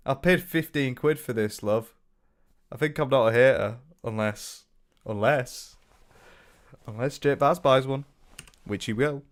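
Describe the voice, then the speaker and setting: A man's voice: medium pitch, unhurried, long pauses. A British man reacting to a video in a mocking, sarcastic commentary full of swearing. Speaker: commentary streamer.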